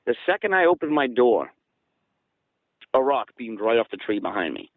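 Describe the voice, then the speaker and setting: A man from southeastern Massachusetts, a guest casually recounting events in an animated way and acting out the dialogue. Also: mid-range voice, normal speed, no room sound, rough recording. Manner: animated, acts out quoted dialogue. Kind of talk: casual storytelling.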